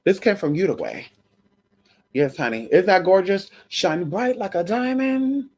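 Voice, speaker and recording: A woman talks casually to her livestream audience about crystals and spiritual shifts. Her pitch swings widely and her delivery is animated, sliding into baby talk and bursts of excitement, with honey and y'all sprinkled throughout. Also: a little slow. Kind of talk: casual livestream chat with viewers.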